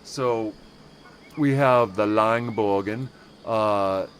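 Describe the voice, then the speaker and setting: Extremely slow and lowish in pitch, an American man hosts a casual game livestream with a little hiss or hum on the recording. He rambles, interrupts himself, relies on fillers, and playfully mangles German words.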